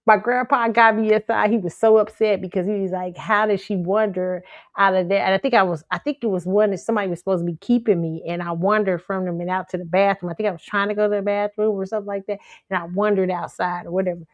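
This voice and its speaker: A show host with a medium-pitched, steady voice speaks fast as she insists on her story to viewers, repeating herself for emphasis. The recording has no echo.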